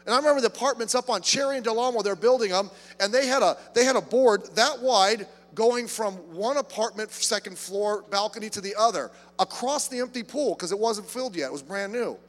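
Pastor, male, high-pitched, emphatic sermon delivery in a reverberant church hall with faint music. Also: fairly quick, hardly any pauses. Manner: emphatic, repeats words when starting phrases.

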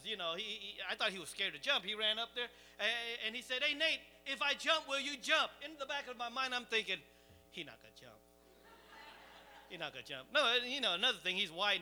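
A man preaching, telling a lively, self-mocking camping story to his congregation. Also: very high-pitched. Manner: animated, self-deprecating storyteller. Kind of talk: storytelling sermon.

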